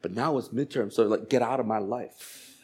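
A man preaching a sermon, animated and humorous, acting out quoted voices of people for laughs. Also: mid-range voice, normal speed, slightly rough. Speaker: pastor.

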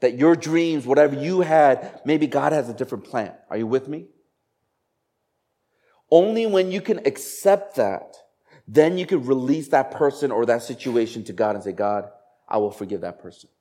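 A man's voice: medium pitch, lively intonation, normal speed, mellow. A man preaching a sermon in a conversational style, asking the congregation rhetorical questions. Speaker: pastor.

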